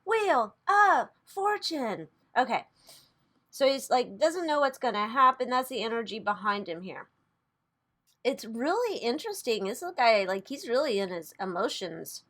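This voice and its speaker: A woman's voice: fairly high pitch, big pitch swings, normal speed, fairly bright tone. A woman hosting a casual tarot reading vlog, chatty and loose, who swears freely and laughs at herself. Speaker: tarot reader and channel host.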